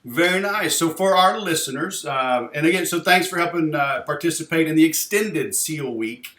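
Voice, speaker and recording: A man's voice: a little high, expressive, moderate pace, bright, forceful tone, reverberant. A man hosting a podcast interview, joking and teasing his guest in casual chat. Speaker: podcast host.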